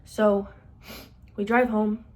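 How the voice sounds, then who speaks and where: A woman's voice: medium pitch, level tone, takes it slowly, darkish tone. A young woman in her late teens telling a casual storytime, rambling and filling every sentence with "like.". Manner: rambling, says "like" constantly. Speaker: vlogger.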